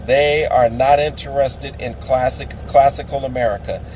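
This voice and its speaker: A man's voice: medium pitch, steady tone, normal speed, a little mellow, a little hiss or hum, rough recording. A man delivering a preachy, emphatic political rant to camera, repeating phrases for effect. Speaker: political vlogger.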